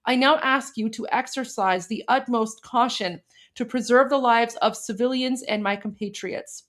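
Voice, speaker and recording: A woman from Iran co-hosting a live stream, her voice sitting a little high. She talks with feeling and restarts her sentences often, then settles into reading a message aloud in translation. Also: normal speed. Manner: emotional, speaks with repeated restarts.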